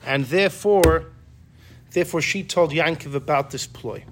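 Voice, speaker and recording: Animated male Torah teacher, mid-high voice, casual classroom delivery, acts out quotes. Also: normal speed, noisy background. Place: classroom with students.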